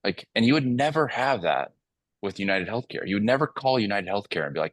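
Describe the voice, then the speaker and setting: A man's voice: on the low side, animated, a little fast, dry recording. A man speaking as a company CEO guest, telling a long story in an earnest way with plenty of fillers. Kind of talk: casual panel talk, telling a story.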